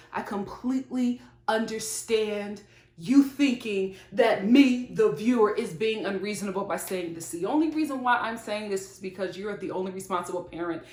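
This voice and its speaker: A woman giving blunt, emphatic, casual commentary on a reality show, speaking straight to its cast in colloquial terms. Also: medium pitch. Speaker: reality TV reviewer. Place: home filming setup with studio lights. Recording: roomy echo.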